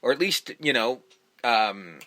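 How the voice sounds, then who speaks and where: A man's voice: mid-range voice, a little slow, dry recording. A man co-hosting a movie podcast in casual chat, swearing a lot and acting out scenes in voices. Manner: profane, animated, acts out scenes in voices. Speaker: podcast co-host.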